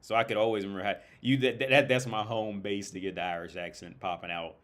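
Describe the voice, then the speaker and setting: Low-voiced American man rambling on stream. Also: steady tone, fast talker, a bit bright. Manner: rambling, swearing, frequent restarts. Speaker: livestreamer. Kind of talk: casual livestream chat.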